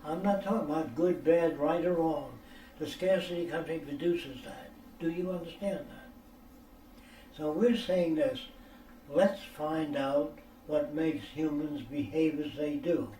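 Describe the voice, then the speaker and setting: In a private question session, this older man from the United States tells meandering, lecture-style stories, swearing freely and frequently asking whether people understand. His voice sits fairly high and sounds mellow. The mic is far off in an echoey room, picking up faint ambience plus a slight hiss or hum.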